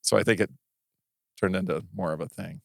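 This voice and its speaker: Male podcast co-host, low voice, rambling storyteller, dry studio sound. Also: fairly even intonation, vocal fry, no echo. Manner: rambling, halting storyteller with many restarts. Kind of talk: casual chat.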